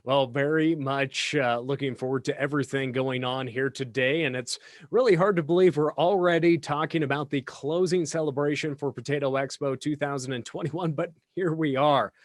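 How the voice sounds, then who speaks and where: A man's voice: mid-range voice, normal speed, dry recording, clean studio sound. A man hosting an event welcome video, reading announcements in an upbeat, promotional way. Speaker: podcast host.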